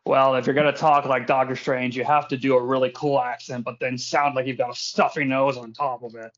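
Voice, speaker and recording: A man's voice: medium pitch, level tone, brisk. A man hosting a podcast in casual chat, rambling and swearing often, laughing between thoughts. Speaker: podcast host. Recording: dull lo-fi sound.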